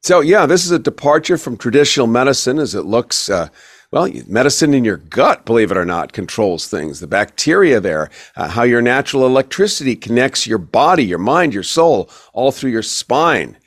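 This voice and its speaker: A man's voice: mid-range voice, sing-song, moderate pace, dry recording, studio quality. A man hosting a podcast, introducing a guest with playful, emphatic asides. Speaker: podcast host. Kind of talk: animated podcast interview.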